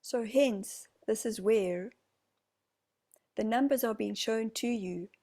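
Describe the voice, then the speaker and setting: A woman with a New Zealand accent leading a channeled group session, speaking slowly and formally as "we". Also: a little high. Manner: slow, soft, formal speech speaking as "we".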